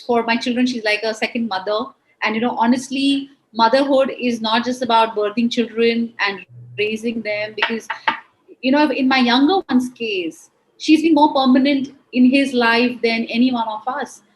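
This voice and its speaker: A woman's voice: fairly high pitch, fairly even intonation, moderate pace, rough recording. Earnest Indian-accented woman in her forties. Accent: Indian English. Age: 40s. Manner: earnest, emotional, peppered with "you know". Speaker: interview guest. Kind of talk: heartfelt conversational interview.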